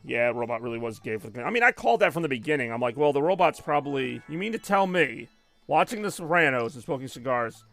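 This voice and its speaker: A man's voice: medium pitch, big pitch swings, fast talker, sharp tone, soft background music. A young man chatting casually and rambling while he plays a video game on a live stream. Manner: rambling, conversational, many fillers.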